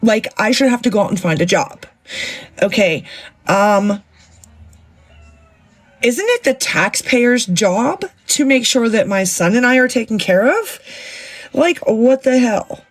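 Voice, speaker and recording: Woman, husky, indignant phone rant. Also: on the high side, expressive, slow pace, pauses often, faint music behind. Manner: indignant, complaining to viewers. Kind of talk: casual social media rant.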